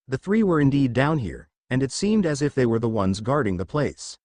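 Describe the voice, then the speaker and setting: Guy reading fan fiction out loud, lots of pitch movement, dry close sound. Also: moderate pace, hardly any pauses, no echo. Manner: even reading with asides on spelling. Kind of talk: reading a fan story aloud.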